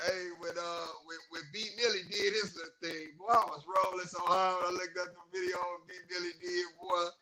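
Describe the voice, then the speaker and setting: A man talking in a casual online chat, excitable and rowdy, often laughing loudly. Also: high voice, fairly quick, few pauses, low-quality recording. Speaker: podcast panelist.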